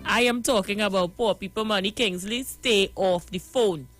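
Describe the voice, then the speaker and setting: A woman hosting a call-in radio show, brisk and teasing as she cuts callers off. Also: mid-range voice, a bit bright, soft background music. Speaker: radio talk show host.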